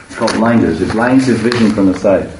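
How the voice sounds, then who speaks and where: A man's voice: lowish voice, fast. A man telling a devotional story in a rambling way, restarting often and stopping to explain words. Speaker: religious storyteller. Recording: echoey room, far from the mic, faint hiss.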